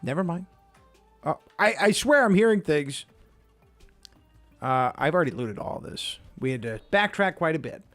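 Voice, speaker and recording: A man's voice: fairly high pitch, lively intonation, normal speed, pauses often, fairly bright tone, soft background music. A man giving let's-play commentary as he plays, chatty and self-mocking, reacting aloud to the game. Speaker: gaming video creator.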